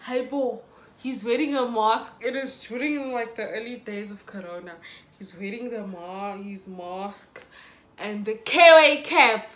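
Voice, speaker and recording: A woman's voice: a little high, a little slow, a bit bright, reverberant. A young South African woman telling a dramatic storytime to her viewers. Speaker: YouTuber. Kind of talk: storytime vlog.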